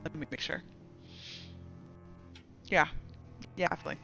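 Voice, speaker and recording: A woman narrating as dungeon master in a casual, halting way, with faint music behind. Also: low voice, gravelly. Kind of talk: narrating a tabletop game.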